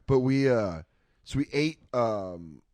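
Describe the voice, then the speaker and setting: A man tells crude, rambling stories in loose podcast banter. His voice sits at an ordinary pitch. The recording is dry and close, with no room sound. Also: animated, takes it slowly, a little mellow, no echo. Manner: crude, rambling anecdotes with acted-out quotes. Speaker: podcast co-host. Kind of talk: casual podcast banter, storytelling.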